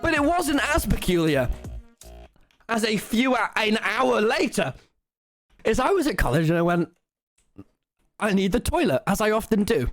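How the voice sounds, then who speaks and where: A young man, telling stories excitedly on a live stream, swearing often and breaking into laughter. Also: sits high, moderate pace, long pauses, no room sound, soft background music. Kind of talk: casual live-stream storytelling.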